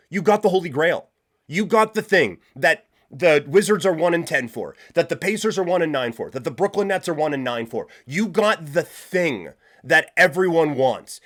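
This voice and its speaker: A man's voice: on the high side, bright, forceful tone. A man hosting a sports talk show, giving blunt, opinionated commentary in a rambling way, full of fillers and restarts.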